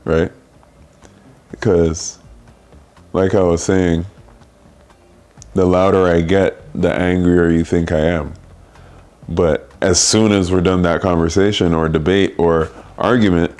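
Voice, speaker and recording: A man's voice: low-pitched, fairly even intonation, slow, pauses often, a little mellow. A young adult man hosting a candid conversational podcast, speaking reflectively in short, repeated phrases. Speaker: podcast host.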